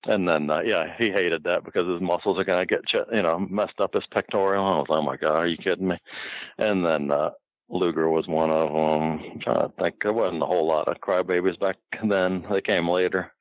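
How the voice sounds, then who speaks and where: A man's voice: deep voice, steady tone, a little fast, no room sound, lo-fi sound. An older man and former wrestler telling casual, rambling stories from the road, full of fillers and restarts. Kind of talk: casual storytelling.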